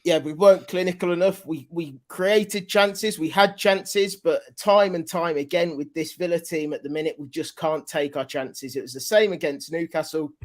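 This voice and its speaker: Man, slightly high voice, casual football pundit, candid and frustrated. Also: normal speed, hardly any pauses. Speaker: podcast panelist. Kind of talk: casual football podcast chat.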